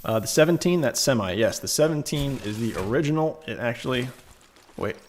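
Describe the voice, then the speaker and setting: A man's voice: mid-range voice, animated, a little fast, a little hiss or hum. A man streaming a game, chatting casually and rambling through asides and self-corrections into a desk microphone. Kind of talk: casual live-stream chat. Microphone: desk microphone on a shock mount.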